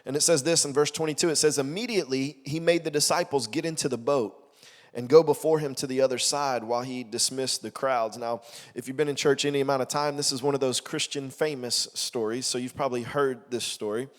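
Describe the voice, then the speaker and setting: A young adult man preaching a sermon, telling a personal story in a lively way and acting out the voices he quotes. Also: mid-range voice, a little fast. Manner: animated storytelling, acts out quotes loudly. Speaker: pastor. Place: church auditorium. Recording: long reverb of a church hall.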